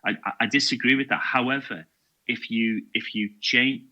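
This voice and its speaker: A man's voice: medium pitch, steady tone, moderate pace, sharp tone, highs cut off. A man with a Liverpool accent talking as a podcast guest, enthusiastic, with frequent restarts and repeated words. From England. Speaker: podcast guest, security awareness video maker. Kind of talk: casual podcast conversation.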